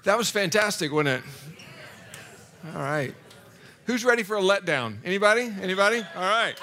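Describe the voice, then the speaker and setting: A man's voice: high-pitched, expressive, normal speed, pushed and bright. A man preaching a casual, self-deprecating sermon to a live audience, full of fillers and restarts. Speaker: pastor. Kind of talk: conversational sermon.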